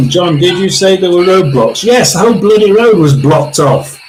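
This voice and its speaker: A man hosting a live tarot and spirit box session, talking haltingly, repeating words and often clearing his throat. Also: sits high, animated, darkish tone, faint music behind, low-quality recording.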